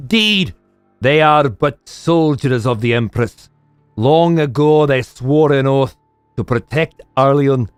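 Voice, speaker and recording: A man voicing a grave, formal noble knight in a loose British Isles accent, declaiming slowly in old-fashioned speech. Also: medium pitch, clear, resonant tone, no echo, voice pushed up, lightly acted. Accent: loose British Isles accent attempt.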